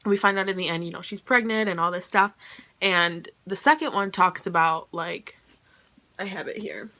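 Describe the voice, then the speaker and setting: A woman's voice: fairly low pitch, normal speed, sharp tone. A woman giving a casual, chatty book review, gushing and scattered with "like" and "you know".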